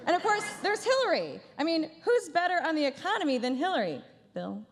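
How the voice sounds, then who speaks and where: Woman comic doing a roast, high and bouncy voice, deadpan sarcasm, big echoey ballroom. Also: brisk, very noisy. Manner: deadpan sarcastic delivery with playful asides. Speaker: comedian headlining a gala dinner. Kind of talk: stand-up roast. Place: large banquet hall.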